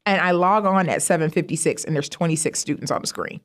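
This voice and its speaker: A middle-aged woman, a university vice president, telling stories in a casual interview, animated and jumping high in pitch when she quotes herself. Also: quick pace. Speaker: guest, university vice president of student affairs.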